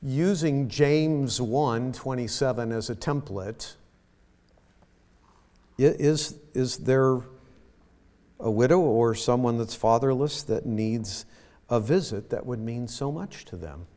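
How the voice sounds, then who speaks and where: Male pastor mid-sermon, unhurried and halting, echoing church hall. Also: medium pitch, warm tone. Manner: slow, halting with repeated words. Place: church sanctuary.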